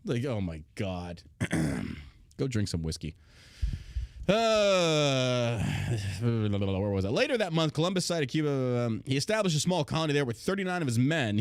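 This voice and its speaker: Recorded dry at studio quality, a man with a mid-range voice hosts a podcast. Crude and mocking, he swears frequently while reading history aloud and ranting casually.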